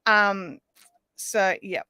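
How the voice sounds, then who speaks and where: A woman's voice: mid-range voice, fairly even intonation, extremely slow, bright, forceful tone, smooth, no echo, studio quality. A woman hosting a casual live stream, rambling with lots of ums while answering chat comments. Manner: rambling with frequent ums and restarts. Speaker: livestream host.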